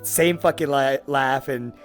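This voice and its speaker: A young adult man hosting a podcast, telling a story in a casual, excitable way with heavy swearing and lots of fillers. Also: mid-range voice, unhurried, loud music behind the voice. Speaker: podcast host.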